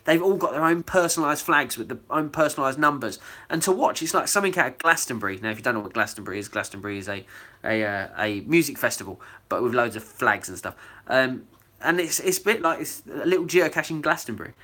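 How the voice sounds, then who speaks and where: A man's voice: medium pitch, animated, fast talker, pushed and bright. A man hosting a casual live video hangout, chatting loosely with lots of fillers and reading out viewer comments. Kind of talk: casual live-stream chat.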